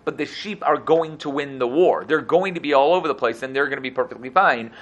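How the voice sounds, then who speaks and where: A man's voice: mid-range voice, fairly quick, fairly bright tone, dull audio. A man teaching a Bible chapter verse by verse, mixing Hebrew terms into casual English and acting out the quotes. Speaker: Torah teacher. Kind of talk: explaining a Bible text verse by verse.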